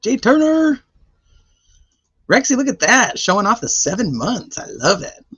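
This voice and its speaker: Male true-crime streamer with a cold, raised pitch, animated chatty delivery, dry dull home-stream sound. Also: measured pace, breathy edge, dry recording. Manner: chatty and animated, rattling off greetings. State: voice roughened by a cold. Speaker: true-crime livestream host. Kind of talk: casual livestream chat, greeting viewers by name.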